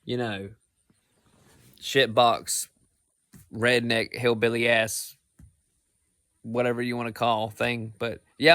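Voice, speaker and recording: Young Southern man, brash stand-up, cussing drawl, tense bright voice, dry close sound. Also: medium pitch, no room sound. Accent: Southern American. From American South. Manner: profane, rowdy, drawling. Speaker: comedian. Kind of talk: stand-up comedy monologue.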